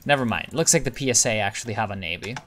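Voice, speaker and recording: A man's voice: on the low side, rapid-fire, fairly bright tone. A man giving casual, rambling commentary on his strategy gameplay, thinking aloud and restarting sentences. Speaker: gaming video creator.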